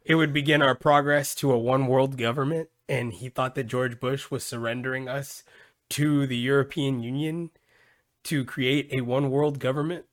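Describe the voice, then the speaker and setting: A man's voice: mid-range voice, fairly even intonation, moderate pace, no room sound, clean studio sound. A young adult man hosting a podcast, talking in a rambling, casual way, swearing a lot and calling people dude. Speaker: podcast host. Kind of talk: casual chat.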